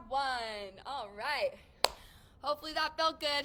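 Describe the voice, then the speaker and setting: High-voiced, breathless woman fitness coach. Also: animated, unhurried, noisy background. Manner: upbeat, encouraging, counts reps aloud. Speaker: fitness instructor. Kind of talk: live workout coaching.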